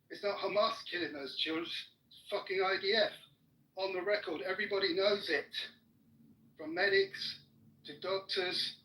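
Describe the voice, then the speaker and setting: A high, bright-voiced man argues in a furious rage, swearing in nearly every sentence and cutting the other person off. The sound is roomy and echoey. He is picked up from some distance from the mic. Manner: furious, swearing constantly, shouting down his opponent. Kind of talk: heated argument.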